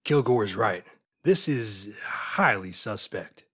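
Husky, dry, an actor doing a suspicious barfly, animated. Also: medium pitch, slow, no room sound. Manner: terse, suspicious. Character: suspicious barfly, gruff and meddling.

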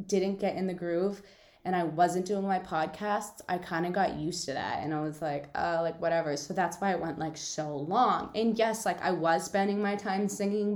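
A woman's voice: on the low side, darkish tone, reverberant. A young woman hosting her own podcast, chatting casually and telling stories with lots of fillers and giggles. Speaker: podcast host. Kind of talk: casual solo podcast chat.

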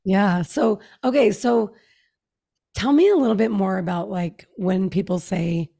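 A woman hosting a podcast, asking questions in a relaxed way with hesitant fillers. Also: medium pitch, measured pace, gravelly, breathy edge. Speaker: podcast host. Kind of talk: casual interview.

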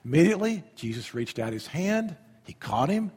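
A man pastor gives a chatty sermon, often turning to the congregation with questions. His voice is slightly high and a bit husky. A long reverb hangs around every phrase. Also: sing-song, normal speed, a little mellow. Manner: conversational, asks the audience questions.

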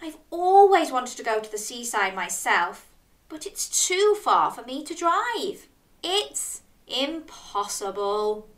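A woman doing a gentle, timid storybook dog. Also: high-pitched, huge pitch swings, extremely slow, voice pushed up, heavily acted. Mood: eager. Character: kind, timid male dog who dreams of the sea.

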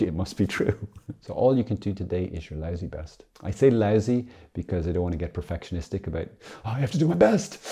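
A man preaches in a casual, animated video sermon with playful asides. His voice sits a little low and sounds very dark and mellow, with a husky edge. He swings between loud emphatic bursts and soft, quiet stretches. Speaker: Catholic preacher.

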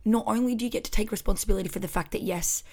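A woman in her twenties with an Australian accent records a casual solo podcast on a microphone at her house. Her mid-range voice races along, a little mellow, as she talks candidly and expressively, swearing freely.

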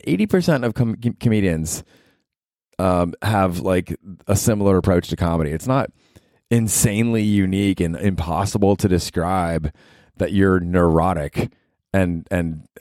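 Deep-voiced profane rambling comedian. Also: male voice, moderate pace, a little mellow, no echo, clean studio sound. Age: 40s. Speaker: comedian podcast host. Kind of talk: casual comedic monologue. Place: bedroom at night.

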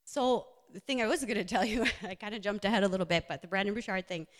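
A woman, a nurse and wellness coach, giving a personal motivational talk with slides, earnest and full of fillers. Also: mid-range voice. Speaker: speaker, health and wellness coach. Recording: echoey hall.

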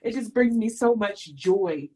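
A woman's voice: mid-range voice, animated, measured pace, dark tone, rough recording. Effusive, emotional woman runner guest. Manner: effusive and emotional, exclaiming "woo" and "ooh". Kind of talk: conversational interview.

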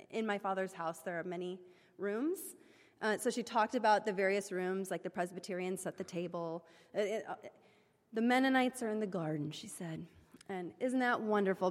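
A woman giving an informal sermon-style report to her congregation, chatty and self-deprecating, with many fillers and restarts. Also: medium pitch. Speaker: church member reporting back to her congregation. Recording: long hall reverb.

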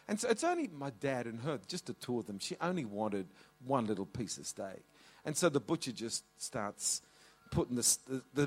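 A middle-aged man, a pastor telling a family story in his sermon, often restarting with "and so". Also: fairly high pitch. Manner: animated, repeats "and so".

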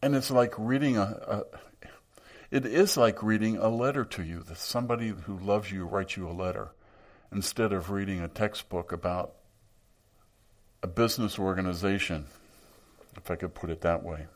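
A man's voice: deep voice, normal speed, long pauses. A man preaching a sermon, reading scripture aloud and reflecting on it in a musing way.

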